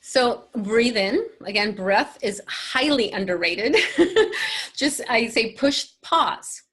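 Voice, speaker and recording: A woman's voice: fairly high pitch, lively intonation, slow, a bit bright, husky. A woman life coach talking in an interview, emphatic and motivational, often acting out quoted voices.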